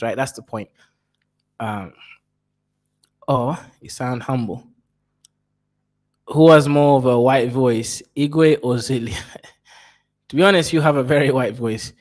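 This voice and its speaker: A man reacting to a video in casual commentary, animated and jokey. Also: slow pace, long pauses. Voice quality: animated and jokey, with swings in pitch. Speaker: reaction streamer.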